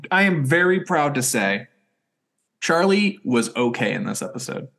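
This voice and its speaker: Male podcast co-host, casual and joking, recaps scenes with quick asides. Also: mid-range voice, sing-song, gravelly, a bit bright. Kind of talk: casual chat recapping a TV episode.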